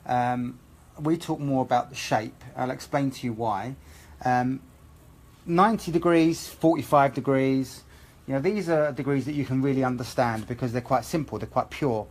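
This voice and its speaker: A man's voice: medium pitch, normal speed. British man teaching a haircut live. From England. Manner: explains steps methodically, asks okay?. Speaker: hair educator.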